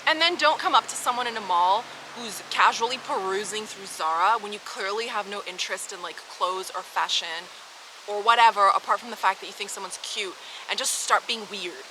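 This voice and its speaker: A young woman vlogger telling her own stories in a frank, animated way, swearing and laughing as she goes. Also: medium pitch, brisk, background noise. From Canada. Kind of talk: casual storytelling to camera.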